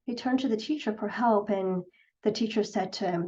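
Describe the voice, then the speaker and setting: Middle-aged woman psychologist presenting, earnest storyteller, mid pitch, kinda dull lo-fi audio. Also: moderate pace, warm tone. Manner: earnest, storytelling with quoted patients. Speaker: clinical psychologist speaker. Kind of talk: presentation talk. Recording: slightly dull lo-fi sound.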